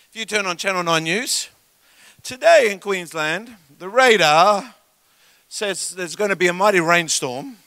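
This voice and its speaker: A man preaching a sermon as a guest pastor in a church, animated and joking with the congregation. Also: sits high, a little slow, no room sound. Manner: animated, jokes with the congregation, acts out story voices. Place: church auditorium. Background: soft keyboard music.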